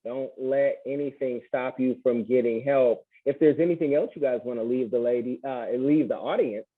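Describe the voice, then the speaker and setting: A man's voice: medium pitch, moderate pace, slightly rough. A man hosting a podcast interview, chatting casually with jokes and folksy asides to his listeners. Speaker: podcast host. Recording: tinny phone-like line.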